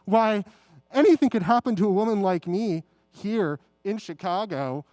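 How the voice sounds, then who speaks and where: A woman's voice: mid-range voice, expressive, normal speed, warm tone, dry recording. A woman performing a comic, self-important one-woman show with bursts of song. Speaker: pageant contestant.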